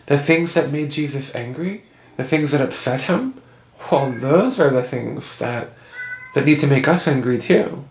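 At home indoors, a man with a creaky voice on the high side gives an earnest, conversational Bible teaching for a casual video. The room sounds echoey, with faint noise in the background.

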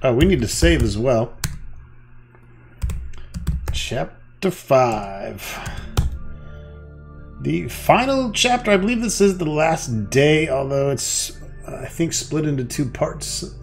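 A man's voice: a little high, sing-song, slow pace, gravelly, pauses often, soft background music. A man hosting a let's play, reading out a text adventure game and muttering casual, profane comments.

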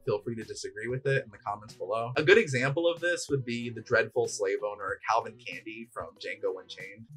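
A man's voice: medium pitch, slightly rough. A man hosting a channel, narrating a scripted video essay. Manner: lively, explanatory. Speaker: YouTube host.

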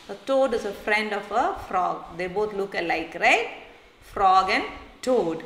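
A woman teacher, slowly sounding out and repeating words in a phonics lesson for young children. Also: medium pitch, expressive, pushed and bright. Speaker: primary school teacher. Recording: echoey room.

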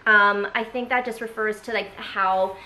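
A woman's voice: medium pitch, fairly even intonation, measured pace, pushed and bright, roomy sound, rough recording. A woman vlogger chatting casually through an unboxing, rambling with lots of filler words. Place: home room indoors.

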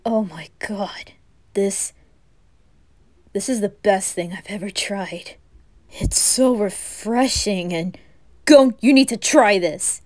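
A woman's voice: medium pitch, takes it slowly, long pauses, darkish tone, close to an everyday voice. A woman voicing a chatty, playful teenage boy who gushes over food in a whispered role-play.

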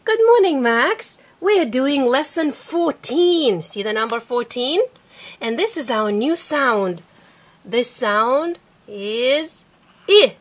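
A young woman patiently teaching a child to read, sounding out letters and words slowly and clearly, praising and correcting as she goes. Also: sits high, expressive. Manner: slow, clear, encouraging, repeats sounds for the child. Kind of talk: patient one-on-one reading lesson.

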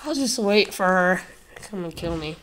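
A woman's voice: on the low side, animated, moderate pace, a bit bright. A woman giving casual, joking commentary while playing a horror game, with sassy running remarks. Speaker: gameplay commentator.

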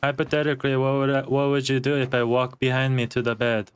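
A man's voice: medium pitch, little pitch movement, fast, clear, resonant tone, no echo, lightly acted. A man voicing an indignant male protester in game role-play, speaking in broken English and lecturing insistently. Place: game voice chat.

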